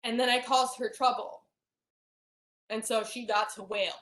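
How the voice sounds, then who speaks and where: A young woman telling a painful personal story in a halting way, with many fillers and restarts. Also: a little high, fairly even intonation, fairly bright tone. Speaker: hypnosis client. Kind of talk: emotional personal account. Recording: roomy echo.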